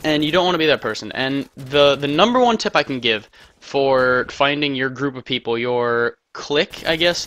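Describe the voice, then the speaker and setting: A man's voice: medium pitch, pushed and bright, a little hiss or hum. A young American man giving casual gameplay commentary, rambling with self-mocking jokey asides. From United States. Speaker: gaming commentator.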